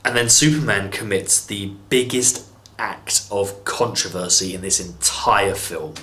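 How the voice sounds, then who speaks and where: A man's voice: on the low side, a little slow, bright, forceful tone. Exasperated English man ranting in a roomy echo. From England. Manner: exasperated, sarcastic, swears freely. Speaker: film reviewer. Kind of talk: ranting movie review.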